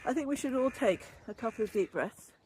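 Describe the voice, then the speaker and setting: A woman's voice: on the high side, lively intonation, fairly quick, a little mellow, a little hiss or hum. Breathless older woman chatting while walking. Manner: rambling, chatty, laughs easily. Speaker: wellbeing vlogger and former yoga teacher trainee. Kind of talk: casual walking vlog talk. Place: outdoors walking along a canal. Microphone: built-in camera or phone mic, no separate microphone.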